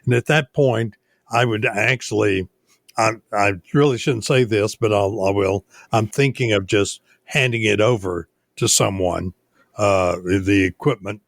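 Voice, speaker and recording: An older man, a radio station owner, telling stories unhurriedly in a casual interview, with many pauses. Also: fairly low pitch, vocal fry, no echo, studio quality. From United States.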